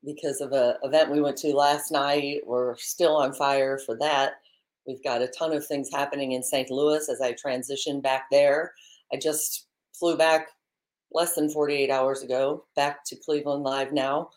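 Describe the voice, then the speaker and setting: A woman's voice: a bass voice, level tone, a little slow. A woman co-hosting a morning live stream in a bubbly, chatty way, laughing often, talking into a laptop microphone. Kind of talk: casual live-stream chat.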